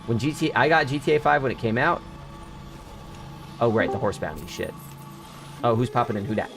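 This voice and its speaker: A man's voice: mid-range voice, expressive, a little fast, creaky, over music. A man streaming a video game, chatting casually and swearing freely with friends and viewers. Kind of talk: casual live-stream chat while gaming.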